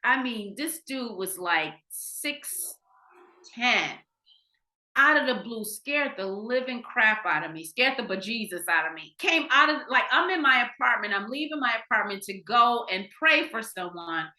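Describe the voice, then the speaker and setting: A woman from Ohio, a podcast guest, telling a candid personal story in an animated way, restarting sentences and acting out what people said. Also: on the high side, measured pace. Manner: animated, acts out quoted dialogue, frequent restarts. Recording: roomy echo.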